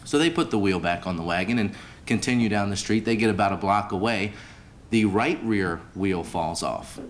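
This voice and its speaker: A man's voice: fairly low pitch, moderate pace. A man hosting a sports hall of fame banquet as emcee, telling a folksy joke at the podium. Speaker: host and emcee.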